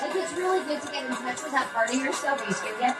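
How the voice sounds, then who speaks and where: A woman hosting a wellness session, giving a playful, rambling closing talk full of fillers and sudden mock shouts. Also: high voice, expressive, fast, poor audio. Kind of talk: chatty closing talk to an audience. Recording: music playing behind.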